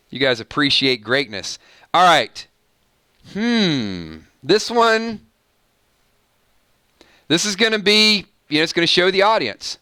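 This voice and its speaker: A man's voice: sits high, slow pace, long pauses, clean tone, no room sound, clean studio sound. A man hosting a casual live stream, playfully singing song snippets between chat with viewers. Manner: sings snippets of songs, playful and animated. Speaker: livestream host.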